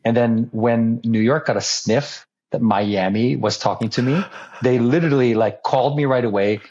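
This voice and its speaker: A man's voice: medium pitch, moderate pace, muffled recording. A man speaking as a podcast guest, animatedly telling a story and acting out other people's lines, often restarting and repeating words. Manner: animated storyteller who acts out quoted dialogue. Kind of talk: storytelling conversation.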